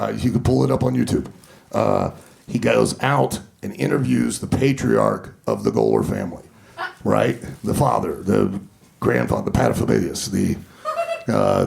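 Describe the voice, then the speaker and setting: A man in his fifties telling profane, animated stories during a stand-up set on a comedy club stage. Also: mid-range voice, gravelly, slight background noise. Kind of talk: stand-up storytelling.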